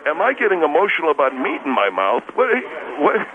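A man's voice: fairly high pitch, huge pitch swings, fairly quick, noisy background. A man doing a bragging hot-headed steakhouse owner on a tinny phone line. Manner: bragging, defensive, blows up. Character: boastful hot-tempered middle-aged male steakhouse owner.

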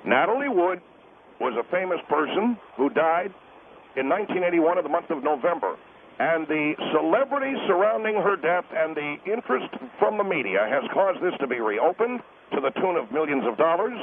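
A man's voice: fairly high pitch, very animated, moderate pace, background noise. A man voicing a pompous middle-aged taxpayer advocate who calls in to a radio show, lecturing and refusing to be interrupted. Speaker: caller guest. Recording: tinny phone line.

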